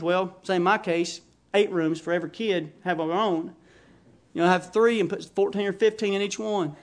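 A middle-aged man preaching a sermon in a folksy, emphatic way that rises to fervent shouting. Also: very high-pitched.

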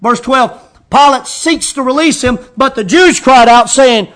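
Man, very high voice, pastor's sermon, slow emphatic scripture reading. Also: a bit bright.

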